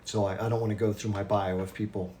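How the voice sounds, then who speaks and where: A fast-talking man in his fifties holds a casual livestream chat with his viewers, his voice sitting on the low side. He rushes through his points, breaks off into asides and restarts himself. A faint hiss of noise runs behind him. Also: flat delivery, dark tone. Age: 50s. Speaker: livestream host.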